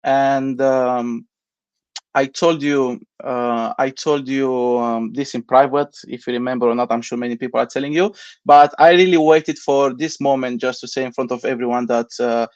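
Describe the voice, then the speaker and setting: A man with an Italian accent co-hosting a live stream over a video call, earnest and halting in his phrasing. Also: medium pitch, darkish tone, dry recording, dull audio. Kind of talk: casual live stream chat.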